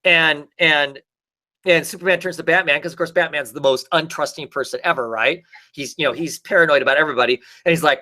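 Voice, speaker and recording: Bright-voiced man recapping comics casually. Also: on the high side, fairly quick. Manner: rambling recap with many fillers and restarts. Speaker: podcast co-host. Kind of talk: casual chat.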